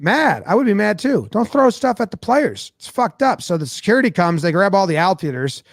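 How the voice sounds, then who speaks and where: A man recapping a baseball game in a casual, animated way, storytelling with lots of energy. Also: high-pitched, brisk, vocal fry, dry recording, clean studio sound. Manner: animated storytelling, acts out players' voices. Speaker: sports commentator.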